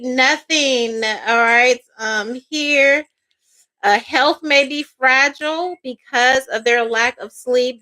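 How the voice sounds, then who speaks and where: A woman's voice: a little high, pushed and bright, low-quality recording. A woman giving a casual tarot reading as a psychic, chatty and peppered with "all right" and "okay".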